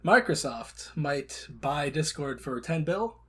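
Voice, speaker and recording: A man co-hosting a casual podcast chat, joking and swinging between loud and soft. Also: on the high side, lively intonation, takes it slowly, breathy edge. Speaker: podcast co-host.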